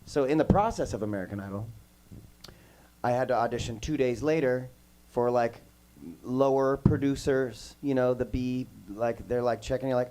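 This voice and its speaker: Telling stories to kids in a music school room, a guest musician in his forties, voice under the weather, keeps wandering off on tangents in a casual workshop Q&A. He has a medium-pitched, mellow voice at a moderate pace, on a rough recording.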